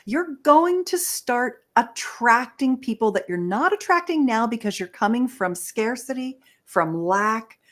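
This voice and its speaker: A woman's voice: a little high, lively intonation, unhurried, hardly any pauses. A woman guest on an interview show, a relationship expert who talks enthusiastically in a coaching tone and laughs often. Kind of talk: conversational interview.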